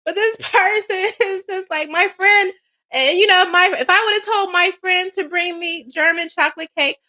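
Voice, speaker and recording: A chatty woman with a high, bright voice gives a casual tarot reading to camera. She rambles loosely in slang, checks in constantly with "okay?" and laughs easily between thoughts. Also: normal speed, rough recording. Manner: laughs often, swears casually. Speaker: psychic reader.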